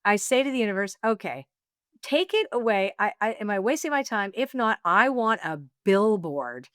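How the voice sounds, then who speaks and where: A woman being interviewed, telling a personal story in a lively, laughing way and acting out what she and others said. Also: medium pitch, normal speed, no room sound, studio quality. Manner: animated, laughing storyteller, acts out her own quotes. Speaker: guest, oracle deck author.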